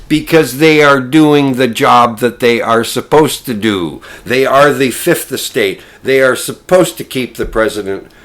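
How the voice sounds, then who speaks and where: An older man hosting a solo political commentary, speaking in a slow, deliberate way with frequent ums and uhs. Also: mid-range voice.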